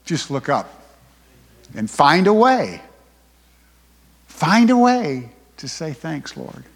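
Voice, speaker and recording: An older man preaching a sermon as pastor, folksy, swinging from loud emphasis to hushed asides. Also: a little high, sing-song, slow. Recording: long hall reverb.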